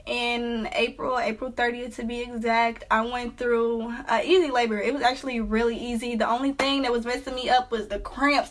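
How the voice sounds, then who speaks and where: Teen girl vlogger, slightly high voice, casual storytime chatter with lots of fillers. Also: little pitch movement, moderate pace, few pauses. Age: teens.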